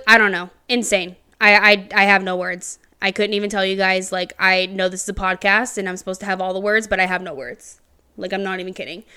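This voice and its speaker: A woman's voice: mid-range voice, pushed and bright, smooth. A young woman, a teacher hosting her own podcast, telling a painful personal story in a candid, rambling way with frequent swearing and fillers. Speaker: podcast host.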